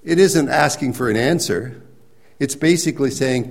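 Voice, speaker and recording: A man preaching a sermon, explaining scripture in a conversational way and rising to emphatic, near-shouted points. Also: medium pitch, moderate pace, creaky. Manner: conversational with restarts and everyday examples. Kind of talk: sermon teaching.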